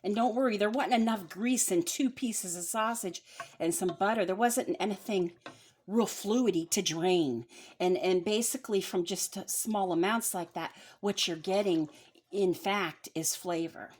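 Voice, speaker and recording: A woman's voice: mid-range voice, a little slow, poor audio. A middle-aged woman hosting a home cooking video, chatty and folksy, joking about herself as she cooks in her kitchen. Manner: chatty, folksy, self-deprecating. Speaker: cooking channel host. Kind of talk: home cooking demonstration with jokes. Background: faint frying sizzle.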